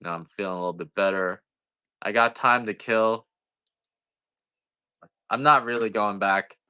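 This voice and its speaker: Deep, forceful man rambling on a livestream. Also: no room sound. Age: adult parent. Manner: rambling, self-deprecating, joking. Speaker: livestream coffee seller. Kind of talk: casual livestream chat.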